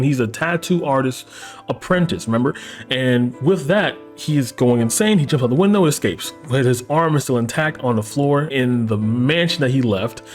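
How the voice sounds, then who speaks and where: A man recapping a show's plot in casual, profane chat at a mid pitch. He stays sarcastic and animated, swearing and tossing off quick mock voices for the characters. Faint music plays behind him. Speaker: anime recap host.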